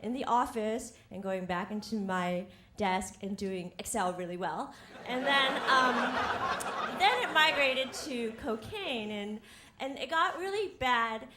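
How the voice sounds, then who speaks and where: A woman's voice: a little high, animated, a little slow, bright, forceful tone, a little hiss or hum. A young woman telling a wry, self-mocking personal story live on stage, often laughing as she talks. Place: theater stage before an audience. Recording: roomy live hall with faint ambience.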